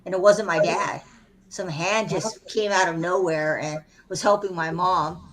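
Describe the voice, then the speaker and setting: Woman with a lowish voice, earnest storyteller, casual late-night chat. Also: steady tone, unhurried, slight background noise.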